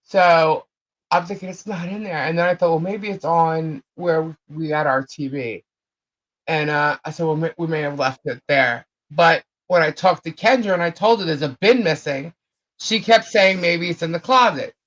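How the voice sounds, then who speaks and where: A woman's voice: deep voice, moderate pace, rough recording. A woman co-hosting a live chat show, telling a long story in a rambling way, full of fillers and repeated phrases.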